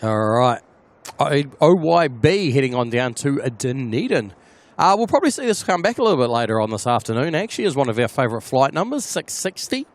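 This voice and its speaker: A man's voice: medium pitch, sing-song, brisk. A man with a New Zealand accent hosting a casual plane-spotting live stream, chatting and answering viewers by name.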